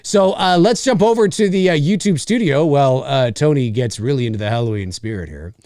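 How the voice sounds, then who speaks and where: A man hosting a podcast, giving animated live commentary on a movie like a showman. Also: mid-range voice, brisk, no echo, studio quality. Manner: animated, showman-like, keeps saying "ladies and gentlemen". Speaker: podcast host.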